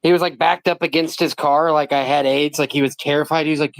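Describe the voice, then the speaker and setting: A man on a live stream tells a rowdy story in loose, casual talk, swearing all the way through and jumping into the voices of the people in it. His voice sits a touch high for a man, and the sound is close and dry. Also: fast talker, hardly any pauses, no room sound. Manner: profane, animated, acts out quotes in raised voices.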